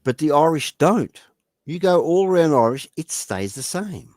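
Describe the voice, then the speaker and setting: Blunt, animated Australian man. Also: a little high, moderate pace, no room sound, studio quality. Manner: blunt and emphatic, heavy swearing, repeats his point. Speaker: panelist on a live stream. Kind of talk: casual chat.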